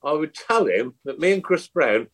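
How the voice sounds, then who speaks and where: Man, jokey excitable banter, raised pitch, casual fan chat. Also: moderate pace. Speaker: podcast co-host.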